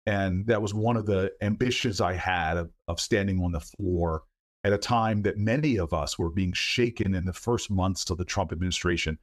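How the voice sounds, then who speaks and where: Earnest low-voiced middle-aged man. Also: normal speed. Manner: earnest, stumbles and repeats words, acts out quoted voices. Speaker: senator and book author, guest. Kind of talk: conversational interview answers.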